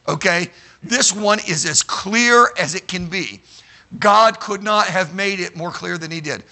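A Bible teacher with a high-pitched voice preaches to a live audience in an animated, emphatic way. He often checks in by asking "okay?" and sometimes shouts a phrase for emphasis.

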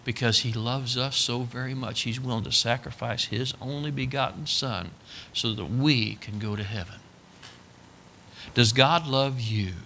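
A man preaching an earnest, folksy sermon that swings between hushed and loud. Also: mid-range voice, measured pace, a little hiss or hum.

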